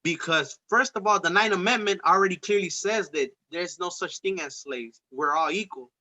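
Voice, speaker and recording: A man's voice: high voice, normal speed, bright, forceful tone, poor audio. A man hosting a casual talk show, rambling and profane, with streetwise slang. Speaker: podcast host. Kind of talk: casual political debate chat.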